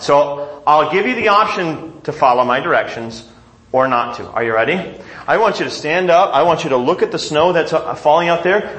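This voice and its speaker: A man's voice: a little high, a bit bright. A man preaching as pastor, reading scripture aloud and putting questions to his congregation. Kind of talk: sermon.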